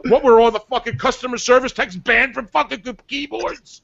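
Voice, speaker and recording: A man's voice: very high voice, moderate pace, creaky, fairly bright tone, dull audio. A man ranting angrily and profanely on a chat show, venting hard. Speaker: show regular, clan player.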